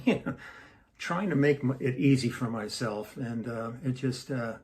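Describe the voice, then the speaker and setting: A man's voice: mid-range voice, lively intonation, takes it slowly, a little mellow. Rambling man chatting to his camera. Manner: rambling, self-interrupting storyteller. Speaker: musician hosting a home livestream. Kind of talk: casual chat to camera.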